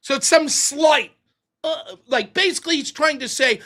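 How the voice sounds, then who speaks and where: A man's voice: very high voice, moderate pace, bright, forceful tone. A man hosting a live stream, ranting in a heated, profane, sarcastic way and mocking others in put-on voices. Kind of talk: ranting commentary.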